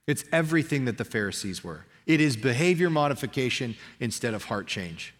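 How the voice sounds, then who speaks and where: Male pastor, mid-pitched, conversational and fired-up sermon delivery, hall reverb. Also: fairly quick. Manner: energetic, conversational preaching with frequent restarts.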